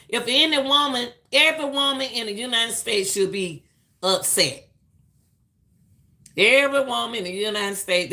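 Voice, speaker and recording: A middle-aged woman, talking in a bright, forceful voice. She gives live-stream commentary in an emphatic, preachy way and hammers her points home by saying them again. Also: mid-range voice. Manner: emphatic and preachy, repeats lines for stress.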